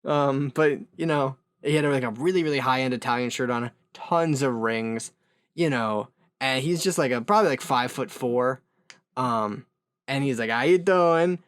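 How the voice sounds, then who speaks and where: A man's voice: medium pitch, normal speed, a bit bright, smooth, no echo, studio quality. A man co-hosting a podcast, telling a rambling story in casual chat, full of asides. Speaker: podcast co-host.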